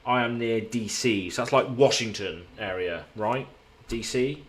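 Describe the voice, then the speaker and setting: A man's voice: medium pitch, unhurried. A man streaming from a hotel room, chatting casually and rambling as he answers viewers in his live chat.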